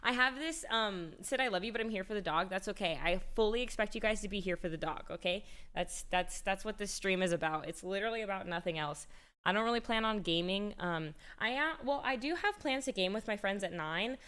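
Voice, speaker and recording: A woman's voice: mid-range voice, lively intonation, brisk, fairly bright tone, clear, resonant tone. A woman livestreamer in casual chat, rambling with frequent restarts and easy laughter. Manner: chatty and rambling, restarts often, laughs easily.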